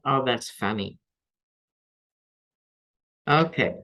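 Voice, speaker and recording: A woman's voice: low voice, animated, measured pace, highs cut off. A woman with an Australian accent doing a tarot reading and talking to camera in a chatty, digressive, wry way. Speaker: tarot reader and political commentator. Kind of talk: casual chat to camera.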